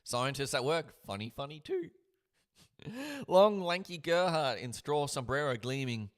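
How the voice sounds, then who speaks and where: A man's voice: on the high side, big pitch swings, a little slow. Man reading a book dramatically on stream. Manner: dramatic, swinging between murmuring and loud. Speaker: livestream book reader. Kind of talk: reading a book aloud with commentary.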